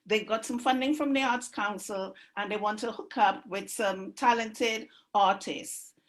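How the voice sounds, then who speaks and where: A woman hosting an online community event, making relaxed, conversational announcements on a video call. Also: mid-range voice, unhurried, poor audio. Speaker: event host.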